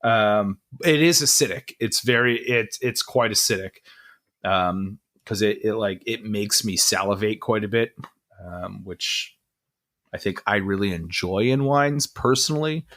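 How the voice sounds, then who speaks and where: Low-voiced man chatting casually on a podcast. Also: measured pace. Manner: relaxed, rambling, lots of fillers. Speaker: podcast co-host. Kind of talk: casual chat.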